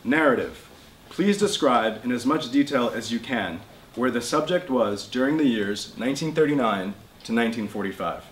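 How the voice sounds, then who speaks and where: A man, the author, reading his novel aloud in measured narration at a bookshop. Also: mid-range voice, animated. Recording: roomy bookshop with faint noise.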